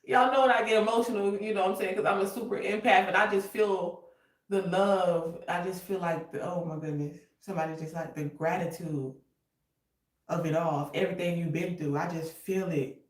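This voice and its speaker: A woman reads tarot for viewers on a casual, unscripted livestream, getting emotional, cursing freely and breaking into snatches of song. Her voice is on the low side, steady and moderately paced. She sits a bit off-mic in an echoey room, so she sounds recorded from a distance.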